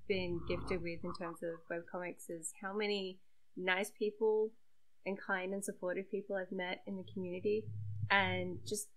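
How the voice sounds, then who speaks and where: A woman's voice: on the low side, little pitch movement, normal speed, slight background noise, rough recording. Chatty, self-deprecating young woman. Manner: chatty and self-deprecating, many fillers and laughs. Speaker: webcomic creator and site regular. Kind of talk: casual podcast chat.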